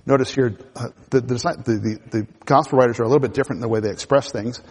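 A man's voice: mid-range voice, steady tone, quick pace, a little mellow, breathy edge. A man preaching a sermon in a conversational way, with asides and restarts. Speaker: pastor. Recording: hall reverb.

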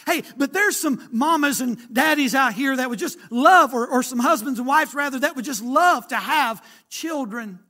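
High, bright-voiced preacher man. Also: normal speed, few pauses. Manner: folksy Southern preaching, storytelling, rising and falling emphasis. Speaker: pastor. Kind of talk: sermon.

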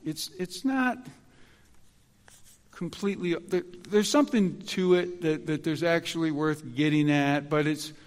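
A man preaching a sermon in an animated, emphatic way, often restarting his sentences. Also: a little high, a little slow, long reverb tail.

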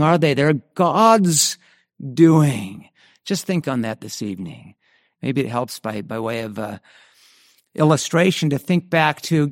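A man's voice: fairly high pitch, no room sound, studio quality. A man preaching a sermon in an earnest way, often restarting and repeating words as he goes. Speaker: pastor.

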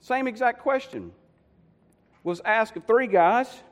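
A man preaching a sermon, telling the story with lively, conversational asides to the congregation. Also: very high voice, slow. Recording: long hall reverb.

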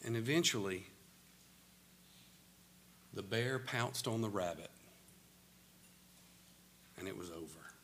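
A man with a Southern American accent preaching a sermon, slow and emphatic, his voice swelling loud on key words. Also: fairly low pitch, animated, a little hiss or hum.

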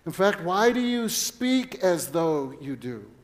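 A man's voice: sits high, big pitch swings, slow pace. A middle-aged man, a pastor, preaching a sermon in an earnest way and weaving in personal stories.

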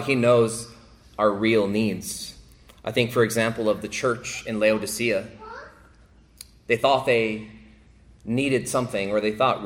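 With a lowish voice, this preacher delivers his sermon by repeating key phrases and alternating between forceful, loud stretches and soft, quiet moments.

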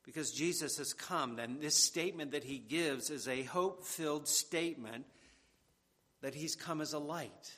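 A man preaching a sermon, deliberate and emphatic, repeating key words for weight. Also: a little high, fairly bright tone. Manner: slow and deliberate, with emphatic repetition. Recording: long hall reverb.

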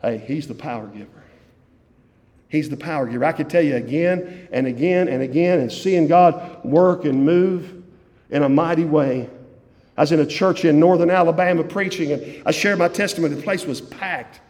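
Fervent pastor preaching. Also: male voice, fairly high pitch, normal speed. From West Virginia, USA. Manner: fervent, repeats key phrases, swings from loud to hushed. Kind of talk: evening sermon. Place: church sanctuary. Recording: long church hall reverb.

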